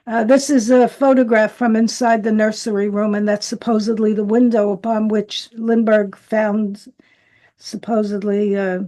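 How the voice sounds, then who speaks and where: A woman's voice: medium pitch, level tone, normal speed, warm tone. A woman hosting an interview, effusive and chatty, with many fillers. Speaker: interview host. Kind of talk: casual video interview.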